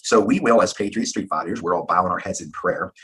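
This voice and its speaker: A male host rattles along at great speed in a rough, husky voice. He sounds brash and fired-up and rambles from point to point. His voice sits a little low. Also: fast talker, sharp tone. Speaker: live show host. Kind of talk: casual live-stream round table.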